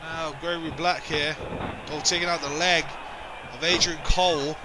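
A man doing excitable, indignant play-by-play commentary for a video game wrestling show, often repeating himself. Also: fairly high pitch, moderate pace, background noise.

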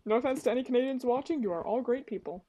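A woman's voice: fairly high pitch, racing, mellow, slightly rough. A young woman hosting a casual gaming session with a friend, laughing often and chatting loosely. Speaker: gaming channel host.

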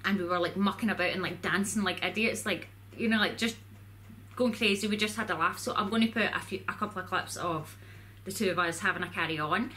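Woman, vlogger, bright forceful voice, chatty, rambling, casual to camera, faint background noise. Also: medium pitch, a little fast.

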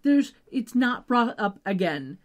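A woman's voice: fairly high pitch, big pitch swings, takes it slowly, highs cut off. A woman co-hosting a podcast, recapping a TV episode in casual chat with wry asides. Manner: chatty, wry asides, trails off with "just saying". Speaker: podcast co-host.

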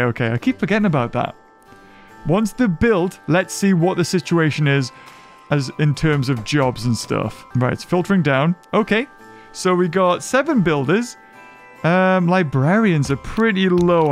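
A man hosting a game playthrough, excitable and chatty, cheering on his game characters and laughing as he plays. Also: on the high side. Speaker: gaming channel host. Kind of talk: let's play commentary.

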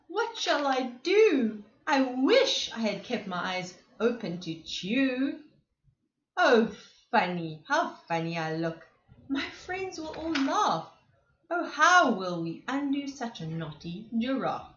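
A woman voicing a fretful male giraffe from a storybook cries out in a high, whining voice that swoops all over. It is caught in an echoey room with a slightly dull sound. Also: sing-song, takes it slowly, a bit bright, slight background noise, full character voice. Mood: dismayed.

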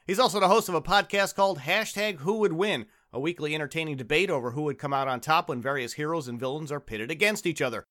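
A man hosting a comedy podcast, joking around, laughing loudly and calling out names. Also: a little high, fast, hardly any pauses. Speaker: podcast host.

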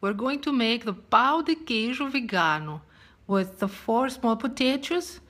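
A woman's voice: fairly high pitch, lively intonation, measured pace, voice pushed up. A woman voicing a friendly Brazilian woman friend with a put-on Brazilian accent, presenting a recipe. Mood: upbeat. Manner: upbeat, loud cooking demo.

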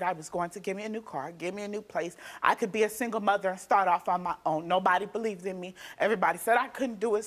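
A young woman, a guest on a talk show, recounting events in a rapid, emotional way. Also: medium pitch. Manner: rapid, emotional storytelling with restarts. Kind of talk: telling her story on a talk show. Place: TV studio stage.

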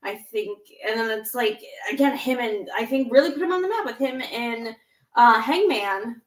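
Woman, casual podcast co-host, rambling, higher voice, roomy echo. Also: lively intonation, far from the mic. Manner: rambling, self-interrupting, quick to laugh. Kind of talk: casual wrestling chat. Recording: echoey room.

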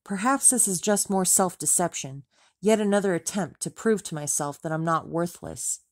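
A woman's voice: lowish voice, normal speed, dry recording, studio quality. A woman narrating a novel in the first person, in a subdued, ashamed, introspective manner. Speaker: audiobook reader.

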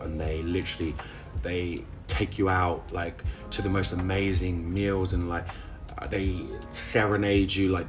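A young man recounting a painful relationship, halting and repeating words with many fillers. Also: low-pitched. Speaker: interviewee recounting abuse. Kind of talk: emotional personal testimony.

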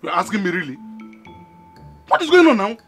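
An actor with a Nigerian accent playing a hot-tempered, blustering male schoolteacher who stammers and shouts. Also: a little high, fast talker, soft background music. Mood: furious. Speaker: teacher.

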